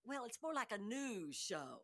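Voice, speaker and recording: An actress playing a wealthy, scheming woman who pitches a show, with a breezy transatlantic drawl in period sitcom style. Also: sing-song, a little slow, fairly bright tone, dry recording, heavily acted. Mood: coaxing. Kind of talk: 1990s period sitcom acting.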